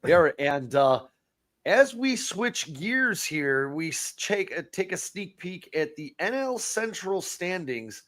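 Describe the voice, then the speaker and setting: A man co-hosting a casual sports talk podcast, excitable and repeating words when he gets worked up. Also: sits high, slow.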